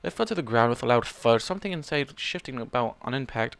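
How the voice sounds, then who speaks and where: A man reads fan fiction aloud in a plain, steady way. He drops in casual asides and corrects his own slips. His voice is smooth and clear, recorded dry. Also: mid-range voice, fast talker, no echo. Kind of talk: story reading with asides.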